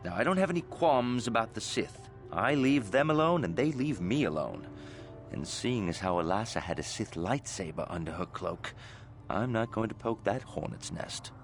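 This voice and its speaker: A wary game witness, low voice, lively pitch swings, guarded drawl, faint music behind. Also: male voice, normal speed. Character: wary male witness in a cantina-like hotel, guarded and streetwise.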